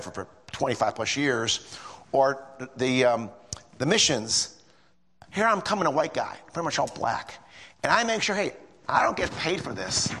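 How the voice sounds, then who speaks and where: A middle-aged lay preacher with a gravelly, husky voice talks through scripture in a folksy, rambling way. His pitch swings up and down as he presses his points, stumbling and restarting often. The sound carries a long reverb from a big hall. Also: a bit bright. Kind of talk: bible study sermon.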